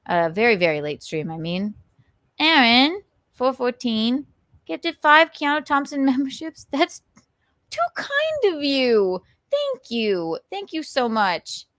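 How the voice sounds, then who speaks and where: A woman's voice: high voice, big pitch swings, slow pace, a bit bright, no room sound, studio quality. A woman in her thirties hosting a late live stream, rambling and a little teary as she chats to viewers and signs off. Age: 30s. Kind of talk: casual live-stream chat.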